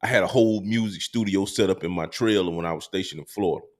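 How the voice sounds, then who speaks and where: A man hosting a podcast, telling stories in relaxed casual chat and meandering with plenty of fillers. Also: sits low, fast talker. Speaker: podcast host.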